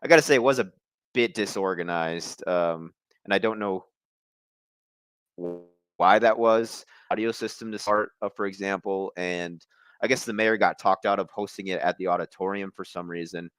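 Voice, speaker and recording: A man reporting as a podcast guest in a measured, thoughtful way. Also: deep voice, a bit bright, clear, resonant tone, no echo. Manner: measured, thoughtful, chuckles now and then. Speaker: field reporter. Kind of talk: casual podcast interview.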